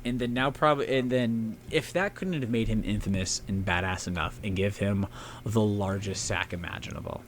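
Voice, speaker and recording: Man, casual history chat, rambling, profane, lowish voice, faint background noise. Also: normal speed. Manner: rambling, profane, puts on silly shouting voices for historical figures. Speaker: podcast co-host.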